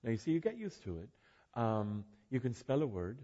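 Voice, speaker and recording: A man's voice: mid-range voice, big pitch swings, moderate pace, dark tone, muffled recording. An older man giving an informal talk to a group, rambling with asides and self-corrections. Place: room with an audience.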